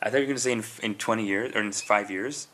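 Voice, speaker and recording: A man co-hosting a casual podcast chat, talking eagerly and excitably and often agreeing with his partner. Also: lowish voice, quick pace. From Canada. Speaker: podcast co-host.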